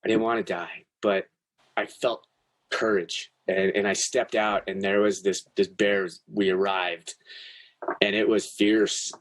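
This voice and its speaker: Low-voiced man telling an intense story. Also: little pitch movement, a little slow. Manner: earnest, intense storytelling with restarts and swearing. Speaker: podcast guest. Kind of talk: storytelling in casual chat.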